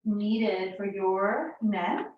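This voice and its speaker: A woman yoga teacher giving chatty, gently encouraging cues in a live class. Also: medium pitch, drawn-out words, muffled recording, slight background noise. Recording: echoey room, mic far off.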